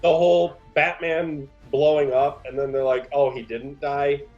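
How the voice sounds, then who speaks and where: Man, podcast co-host, casual movie chat, blunt, filler-heavy, fairly high pitch. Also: flat delivery, a little slow, a little mellow, lo-fi sound, soft background music. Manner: blunt, dismissive, full of "like".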